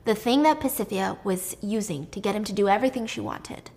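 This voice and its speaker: A woman's voice: medium pitch, brisk, gravelly, darkish tone. A woman retelling a myth in a chatty, irreverent style, swearing freely and adding asides. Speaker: storyteller host. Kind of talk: casual mythology retelling.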